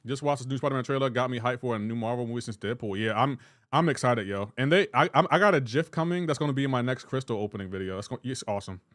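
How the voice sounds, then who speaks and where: A man's voice: medium pitch, rapid-fire, fairly bright tone, no echo, clean studio sound. A man with a light Southern US accent, a gaming streamer chatting casually and reacting to his viewers' messages. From Southern United States. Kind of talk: casual live-stream chat.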